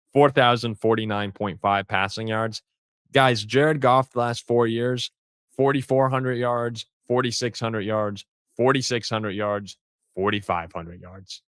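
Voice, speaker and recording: A man's voice: fairly low pitch, fairly bright tone, smooth, no echo, studio quality. A man hosting a sports show, talking football in a casual, rambling way with frequent restarts.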